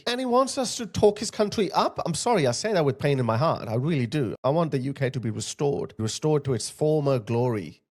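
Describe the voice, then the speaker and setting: Indignant man, pitch swinging wildly. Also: animated, fairly quick, darkish tone. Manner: indignant, rhetorical, repeated questions. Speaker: online political commentator. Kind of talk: heated commentary over video clips.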